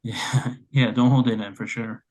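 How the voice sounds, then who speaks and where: A man's voice: mid-range voice, flat delivery, unhurried, a little mellow, low-quality recording. Earnest young man podcast co-host. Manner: earnest, many fillers like "uh" and "like". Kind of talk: casual podcast chat.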